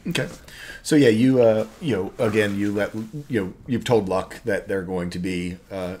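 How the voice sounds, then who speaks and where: A man's voice: fairly low pitch, normal speed, a little mellow. A man narrating as game master of a tabletop game, rambling with many fillers and restarts.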